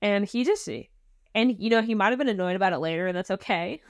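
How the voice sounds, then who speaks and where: A woman talking in a candid, chatty way as a podcast co-host, with a touch of self-deprecating humor. Her voice sits at a middle pitch. The recording is dry and close, with no room sound. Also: quick pace, no room sound. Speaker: podcast co-host, flight instructor. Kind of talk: casual chat.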